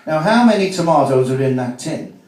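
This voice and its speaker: A man's voice: on the high side, expressive, a little fast, a little mellow, lightly acted. Man putting on a stern pompous magistrate. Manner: lecturing, officious. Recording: echoey room, mic from far off.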